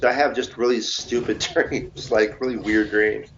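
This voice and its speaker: A man being interviewed as an author, talking in a relaxed, chatty way with self-mocking humor. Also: fairly low pitch, measured pace, slight background noise. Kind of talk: casual interview answers. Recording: dull lo-fi recording.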